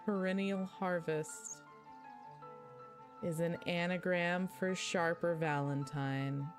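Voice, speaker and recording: Casting: smug theatrical villain with a low sneering drawl, a woman puts him on, slow delivery, music behind. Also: steady tone.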